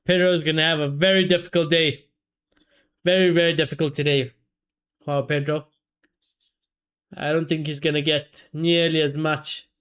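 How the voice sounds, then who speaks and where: A man, casually commentating a football match for his live chat and reacting loudly to chances. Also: on the high side, little pitch movement, moderate pace, long pauses, smooth. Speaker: streamer hosting a football watchalong.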